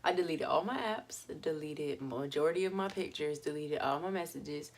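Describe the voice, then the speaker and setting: A woman's voice: sits low, moderate pace, slight background noise. A young woman vlogger telling a story in a chatty, casual way, with lots of fillers and laughs.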